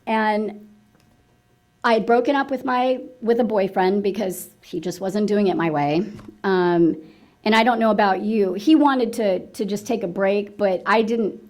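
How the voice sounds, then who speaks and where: A woman in mid pitch shares her own recovery story in a candid, confessional way. She talks loosely with restarts, laughs at herself, and keeps turning to the listeners with small rhetorical asides. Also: a little slow, darkish tone. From United States. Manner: frank, self-mocking storytelling with rhetorical "right?" asides. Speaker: AA speaker sharing her story. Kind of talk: candid personal testimony.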